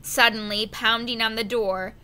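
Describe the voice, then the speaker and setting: A woman narrates a storybook at an unhurried pace, her voice bright and a touch high. She reads carefully and now and then stumbles over a word before correcting herself. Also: steady tone, smooth. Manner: slow, careful reading with small slips. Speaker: audiobook reader.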